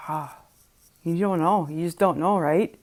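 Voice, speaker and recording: A woman's voice: fairly low pitch, unhurried, heavy background noise. A woman hosting a reaction video, commenting casually with musing, speculative asides.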